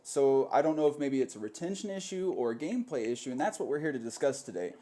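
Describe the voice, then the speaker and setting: A man's voice: mid-range voice, lively intonation, fast, mellow. A man hosting a panel web show with upbeat show-host patter.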